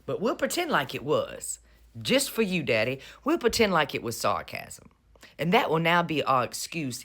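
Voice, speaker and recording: A woman talks straight to camera in a loose, mocking vlog rant. Her pitch swoops up and down all the time. She drawls and teases, with a sarcastic bite. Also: a bit bright. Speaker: vlogger. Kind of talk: casual political commentary.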